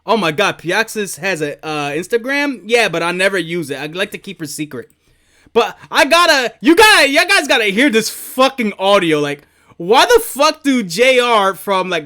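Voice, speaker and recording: Chatty streamer with a lively, bright voice. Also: mid-range voice. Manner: rambling, swearing, laughing often. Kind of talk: casual stream chat.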